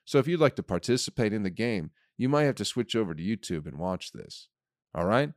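A man's voice: fairly low pitch, expressive, brisk, no room sound, clean studio sound. A man hosting a comedy podcast, rambling in a casual monologue, swearing freely and acting out made-up scenes. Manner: rambling, profane, acts out hypothetical scenes.

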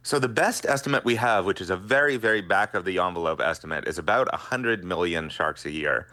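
A man's voice: low voice, fairly quick, sharp tone. A middle-aged man, a scientist guest on a radio interview, explaining earnestly.

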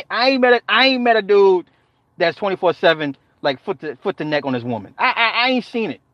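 A man with a high, expressive voice chats casually and a bit quickly on a live stream, cursing, joking, laughing a lot and talking back to chat with repeated phrases for emphasis. The recording is dull, dry lo-fi with no echo.

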